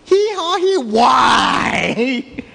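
A man voicing a mistreated talking donkey who brays and then pleads in high, indignant cries. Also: sing-song, very slow, creaky, sharp tone, raised voice, heavily acted. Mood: pleading. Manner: high braying cries turning into pleading questions. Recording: long hall reverb.

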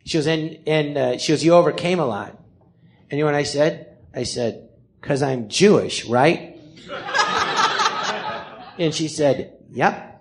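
On a theater stage before a live audience, a comedian tells his life story for a podcast, acting out other people's voices in quotes, swearing freely and poking fun at himself. His voice is a little high and a little slow, with long pauses and a noisy background.

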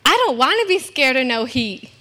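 A woman's voice: sits high, animated, moderate pace, bright, forceful tone. A young woman from California preaching a sermon at a church service, earnest and emphatic with self-deprecating asides. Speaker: guest preacher.

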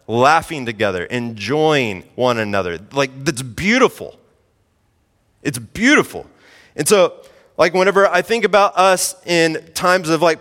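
A pastor in his thirties preaches a sermon conversationally, saying "like" a lot and repeating himself for emphasis. His mid-range voice is a bit bright, with hall reverb around it.

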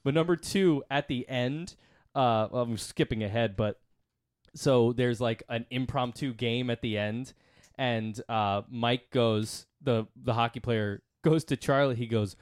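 A man's voice: medium pitch, measured pace, no room sound. Rambling male panelist, dry sound. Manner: rambling, laughing. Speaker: podcast panelist. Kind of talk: casual movie chat.

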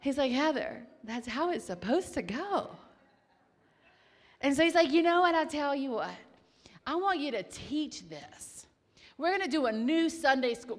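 A woman's voice: high voice, long reverb tail. A woman preaching a sermon, telling stories with emphasis and dropping to whispers at times. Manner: swings from hushed whispers to loud exclamations; storytelling, animated and emphatic.

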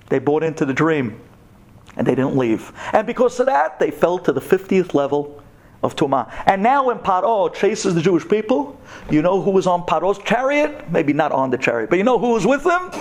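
A man's voice: high voice, big pitch swings, normal speed, a little mellow. A man giving a humorous Torah talk to a women's audience, telling the story with jokes and acted-out scenes. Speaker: Torah teacher.

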